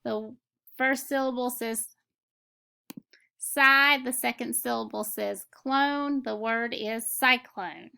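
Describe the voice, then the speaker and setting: A woman teaching a phonics lesson, decoding words step by step in a clear, methodical way. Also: fairly high pitch, slow, bright, forceful tone.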